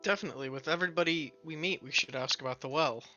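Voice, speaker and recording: A male player thinks aloud and steers the group in a tabletop game. His voice is very bright and tense, a bit higher than most men's, and comes through a dull, lo-fi mic. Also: quick pace, faint music behind.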